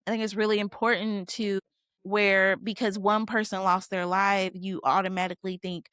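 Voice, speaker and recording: A woman co-hosts a podcast, casually offering her opinions and thinking aloud with many fillers in a relaxed discussion. Her medium-pitched voice is clear, resonant and a bit bright, with little pitch movement and a moderate pace.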